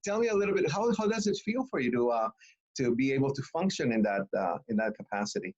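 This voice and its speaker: A man's voice: medium pitch, expressive, quick pace, darkish tone, dull audio. A man from Guatemala interviewing a guest, hesitant and searching for his words, often restarting. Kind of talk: conversational interview.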